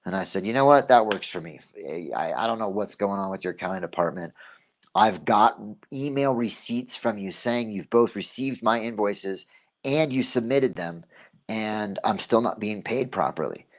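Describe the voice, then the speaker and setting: The host of a local livestream show, a man with a lowish voice speaking at normal speed, tells a story on his own broadcast. It's a casual, rambling monologue in which he repeats himself as he goes.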